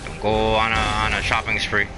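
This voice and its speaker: A man's voice: fairly low pitch, completely flat delivery, normal speed, music in the background. A man casually chatting while playing a video game, rambling and encouraging, with lots of fillers. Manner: rambling, motivational, many fillers. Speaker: gaming channel host.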